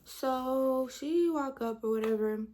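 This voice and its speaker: A woman's voice: sits high, slow, mellow, slight background noise. A young woman, telling a storytime in casual chat, retelling with dramatic quotes and whispered asides. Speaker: vlogger.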